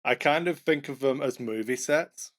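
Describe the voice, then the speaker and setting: A man's voice: mid-range voice, moderate pace. A man co-hosting a podcast, chatting casually about running tabletop games, self-mocking, with fillers and false starts. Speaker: podcast co-host, game master.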